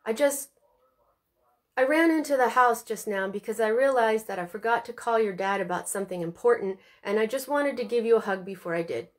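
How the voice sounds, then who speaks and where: A woman reading aloud and voicing a worried mother who hides her fear behind hurried reassurance. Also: a little high, natural voice. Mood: soothing.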